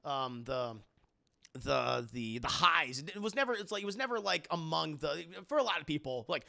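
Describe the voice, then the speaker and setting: A man's voice: fairly high pitch, big pitch swings, fairly quick, vocal fry, sharp tone, no room sound, studio quality. A young man streaming and chatting casually with his viewers, rambling, laughing often and swearing. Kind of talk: casual chat with live chat.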